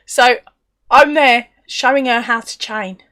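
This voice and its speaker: English woman, live-stream crochet host, chatty and laughing, slightly high voice, dry sound. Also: unhurried, bright, forceful tone, dry recording. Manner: chatty, laughs often, reads viewer comments aloud. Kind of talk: casual live-stream chat.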